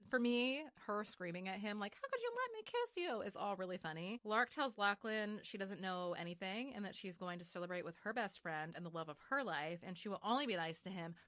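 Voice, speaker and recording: A woman's voice: mid-range voice, brisk, few pauses, a bit bright, dry recording. A woman co-hosting a casual podcast, recapping a novel and acting out the characters' lines. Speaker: podcast co-host. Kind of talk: casual book recap chat.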